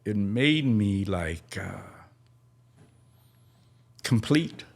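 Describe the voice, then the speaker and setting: Slow gravelly-voiced man telling a story. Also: fairly low pitch, darkish tone. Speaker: podcast host. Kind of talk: personal storytelling.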